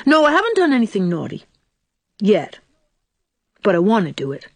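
Woman doing a small earnest boy, high quick pleading voice, dry close sound. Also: wildly swooping pitch, a little mellow, dry recording.

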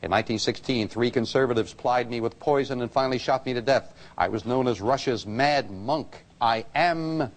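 A man hosting a television quiz show, reading clues and scores in a brisk, upbeat way. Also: medium pitch. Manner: upbeat, reads clues crisply. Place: TV studio with live audience. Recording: noisy broadcast with loud audience.

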